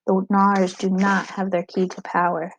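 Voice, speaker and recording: A woman's voice: mid-range voice, level tone, moderate pace, a little hiss or hum, lightly acted, poor audio. A woman reading aloud, voicing a frail, fevered young queen who has visions, in a fervent, breathless way.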